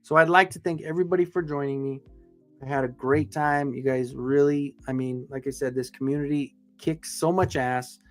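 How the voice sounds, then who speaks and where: A man's voice: medium pitch, steady tone, normal speed, soft background music. A middle-aged man from Southern Colorado with a Southern Colorado accent, rambling and swearing cheerfully as he hosts a casual live stream. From Southern Colorado, USA. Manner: rambling, chatty, profane, upbeat. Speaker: livestream host.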